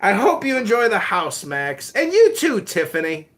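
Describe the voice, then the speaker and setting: A man's voice: high-pitched, wildly swooping pitch, moderate pace, noisy background, pitched above the performer's own voice. A man putting on a gushing proud dad. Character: doting, proud, crude older father.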